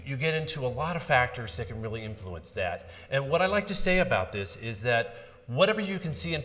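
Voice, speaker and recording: A man's voice: medium pitch, a bit bright. A man who is a speech language pathologist, giving a conversational, clinical explanation in a conference lecture. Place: conference hall. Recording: long hall reverb.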